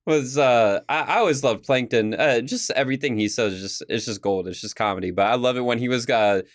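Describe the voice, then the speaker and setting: A young man hosting a podcast in casual chat, relaxed and rambling, often searching for words. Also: mid-range voice, fairly quick, no room sound, studio quality. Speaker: podcast host.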